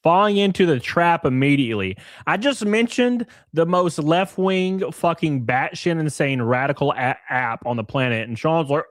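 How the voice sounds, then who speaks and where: A man's voice: fairly high pitch, lively intonation, normal speed, few pauses, dry recording, clean studio sound. A man hosting a live stream, reacting to a clip with sarcastic, profane mockery. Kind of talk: casual live stream commentary.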